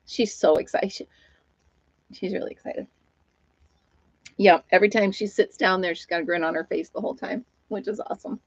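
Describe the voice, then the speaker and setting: An older retired woman hosts a live knitting chat stream from home, rambling casually and laughing often. Her medium-pitched voice is gravelly and slightly rough, with no room sound, and the recording is dull, lo-fi, and dry.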